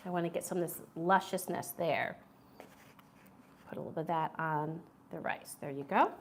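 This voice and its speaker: A woman's voice: deep voice, fairly even intonation, normal speed, vocal fry, a little hiss or hum. A woman hosting a casual live-stream food review, chatty and enthusiastic, reading viewer comments aloud.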